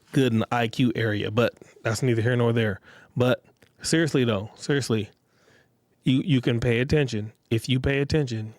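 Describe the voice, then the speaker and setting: A man's voice: mid-range voice, no echo, studio quality. A man hosting his own podcast, talking casually and bluntly in slang. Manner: blunt and profane, street slang; animated when acting out others. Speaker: podcast host. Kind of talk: casual solo podcast monologue.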